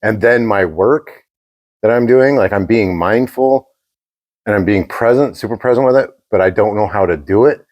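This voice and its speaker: A man's voice: fairly low pitch, moderate pace, darkish tone, dry recording. A man co-hosting a podcast, telling a rambling, profane story in casual chat. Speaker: podcast co-host.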